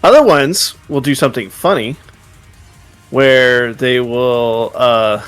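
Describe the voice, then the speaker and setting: A man's voice: medium pitch, slow pace, soft background music. A man chatting casually on a stream, telling a rambling story with laughs.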